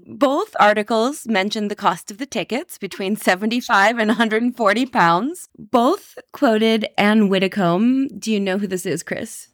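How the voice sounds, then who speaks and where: A woman's voice: mid-range voice, measured pace, few pauses, no echo, clean studio sound. A woman hosting a casual podcast chat, laughing often as she reads out headlines. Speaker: podcast host.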